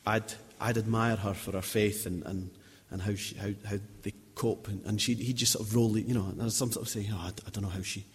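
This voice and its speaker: A man in his thirties tells stories from the pulpit in an informal sermon, circling back and restarting as he talks. His voice sits low and a little husky. The church gives it a long, ringing reverb. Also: fairly even intonation, moderate pace, few pauses. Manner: chatty, anecdotal, many restarts. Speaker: lay preacher.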